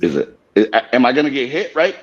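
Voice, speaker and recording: Lively, husky-voiced man telling a wild story. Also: mid-range voice, fast. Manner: animated, profane, laughing storyteller. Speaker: podcast host. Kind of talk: casual storytelling. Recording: slightly dull lo-fi sound.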